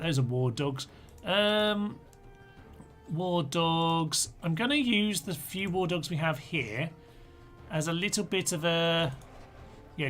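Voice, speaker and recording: A man's voice: fairly high pitch, fairly bright tone. A man, chatting casually as he streams a strategy game and mutters orders to his units. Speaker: gaming streamer. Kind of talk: live strategy game commentary.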